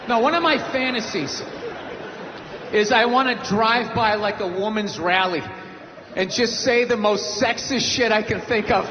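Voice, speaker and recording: A man tells a joke in a mischievous, gleeful tone with a fairly high voice. The room sounds roomy and echoey. A loud crowd sits behind him. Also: a little slow, noisy background. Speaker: stand-up comedian.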